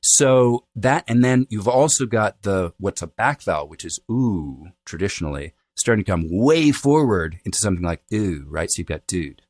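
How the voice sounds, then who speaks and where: A man speaking as a dialect coach guest on a podcast, explaining in an animated, lecturing way and often checking in with "right?" and "you know". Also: deep voice, no echo.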